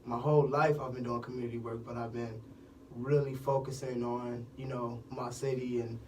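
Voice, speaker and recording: Earnest young man with a flat voice. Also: mid-range voice, moderate pace. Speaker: guest, community activist. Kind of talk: radio interview. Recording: distant mic, faint room noise.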